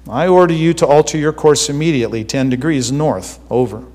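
Brief: steady, polite young male coast guard seaman, read by a preacher; echoing room. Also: on the high side, a little fast, close to an everyday voice. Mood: calm. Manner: calm, steady.

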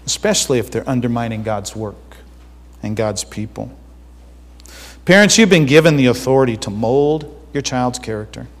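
A man's voice: mid-range voice, slightly rough, long reverb tail. A man preaching a sermon as pastor, earnest and conversational, often checking in with his listeners.

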